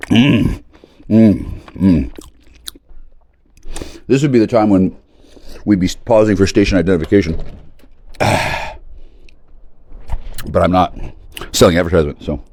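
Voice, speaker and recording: A man's voice: sits low, normal speed, pauses often, darkish tone. A man hosting a solo talk stream, rambling in a crude, sardonic way. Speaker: host.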